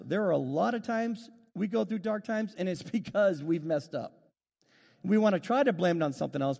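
A man's voice: high voice, vocal fry, a little mellow, big-room sound. A man preaching as a youth pastor, with a casual, rambling style full of restarts and funny stories, and allergies making him cough. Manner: rambling, restarts often, storytelling with humor. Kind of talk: sermon.

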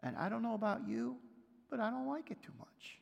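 High-voiced male pastor in a reverberant hall. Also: sing-song, brisk, vocal fry, muffled recording. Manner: storytelling, reads scripture aloud, shifts between loud and hushed. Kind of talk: sermon.

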